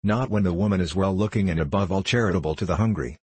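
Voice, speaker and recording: A man voicing a cheeky, quick-witted street boy in an audiobook, speaking bold and merry. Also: sits low, darkish tone, husky, dry recording. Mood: brash.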